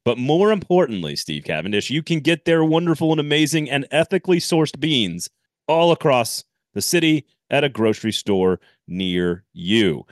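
A man co-hosting a casual sports podcast, animated and rambling, often laughing and restarting. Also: medium pitch, normal speed, dry recording, clean studio sound. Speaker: podcast co-host.

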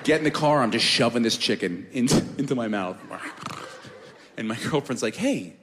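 Man, comic storytelling, animated, profane, lively pitch, reverberant room. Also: fairly quick, a little hiss or hum. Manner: animated, profane, self-mocking. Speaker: storyteller on a podcast.

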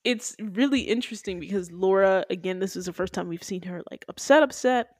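A young woman hosting a casual podcast chat, laughing often and telling things in an animated way. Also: fairly low pitch, brisk, husky, no room sound, clean studio sound. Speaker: podcast host.

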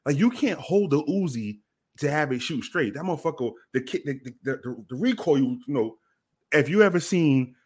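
A man from the Bronx holds the floor in a relaxed chat. His storytelling is animated and full of profanity. He doubles back on his own phrases for effect. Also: a little high, moderate pace, breathy edge. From the Bronx, New York.

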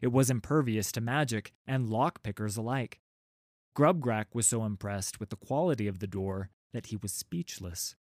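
A man's voice: medium pitch, darkish tone, no room sound, studio quality. A man narrating a children's storybook, with wry, playful asides to his listeners.

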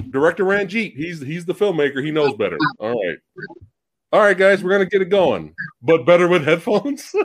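A man in his forties hosting a casual livestream, talking to chat and laughing often, on a headset mic. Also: fairly high pitch. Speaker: host. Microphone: headphones or earbuds mic.

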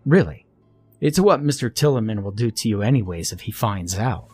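A man's voice: lowish voice, lively intonation, normal speed, darkish tone, breathy edge, soft background music. A man voicing a cocky, cruel boy bully who taunts and sneers with overconfidence. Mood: taunting.

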